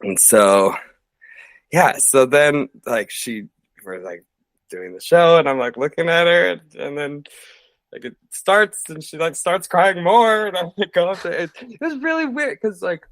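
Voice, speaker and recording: A man in his thirties with a slightly higher-than-average voice rambles through a story as a podcast guest, leaning on fillers and slipping into quick impressions of the people he quotes. The sound is close and dry, with no room echo. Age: 30s. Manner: rambling, filler-heavy, animated quoting of others. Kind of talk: casual storytelling interview. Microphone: podcast studio mic.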